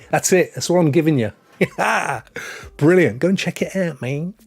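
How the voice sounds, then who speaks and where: A man's voice: a little high, animated, measured pace, creaky, slightly rough. A man hosting a live gaming stream, chatting and joking with viewers in a rambling way. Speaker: gaming show host.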